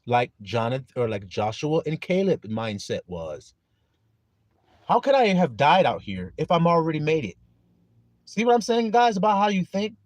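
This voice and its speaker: Preaching animatedly on a live stream at normal speed, this man swings his pitch from high leaps to low drops. He reads scripture aloud, quizzes his audience, greets viewers by name and laughs frequently between points, all in close, dry audio with no room echo.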